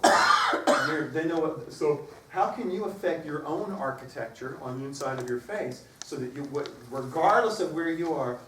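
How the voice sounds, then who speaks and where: A man's voice: on the high side, normal speed, fairly bright tone, slight background noise. A man leading a choir workshop, coaching singers in an upbeat, joking way. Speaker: choral workshop clinician. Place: large reverberant hall with piano. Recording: echoey hall recorded from far off.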